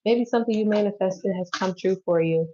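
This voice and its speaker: A woman's voice: mid-range voice, brisk, dark tone, slight background noise. A woman giving a loose, chatty tarot reading who swears and laughs easily. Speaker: tarot reader. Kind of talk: casual tarot reading to camera. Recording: dull lo-fi audio.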